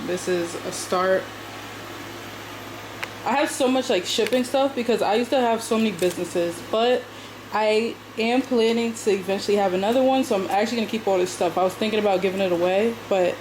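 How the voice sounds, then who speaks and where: A woman's voice: medium pitch, a little fast, background noise. A woman in her twenties, a vlogger chatting casually and slangily to herself while she sorts through her apartment. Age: 20s. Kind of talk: casual chat while decluttering.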